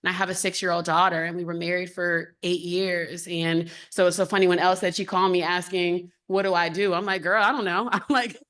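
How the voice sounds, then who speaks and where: Thirties female panelist, slightly low pitch, candid and open delivery. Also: level tone, a little fast, hardly any pauses, fairly bright tone. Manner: open, heartfelt, conversational. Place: symposium panel.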